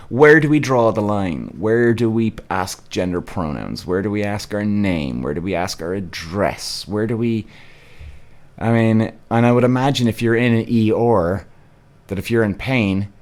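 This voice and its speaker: A man from Cork with an Irish accent, hosting a live podcast and reading viewers' comments, blunt and exasperated, swearing freely. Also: on the low side. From Ireland. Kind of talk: casual live-stream chat.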